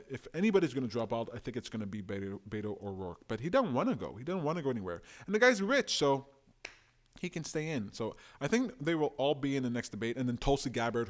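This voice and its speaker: A man hosting a live stream, giving opinionated, animated commentary and reading out viewer comments. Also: mid-range voice. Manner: opinionated, animated, talks to chat.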